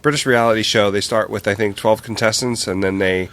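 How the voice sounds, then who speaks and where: A man's voice: on the low side, fairly even intonation, a little fast, a bit bright. A man co-hosting a podcast, chatting in an earnest, easygoing way. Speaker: podcast co-host. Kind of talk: casual chat.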